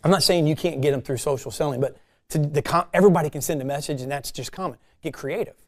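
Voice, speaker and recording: A man with a fairly high voice leads a casual sales meeting. He coaches his team in an animated, conversational way and acts out short phone calls as examples. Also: quick pace.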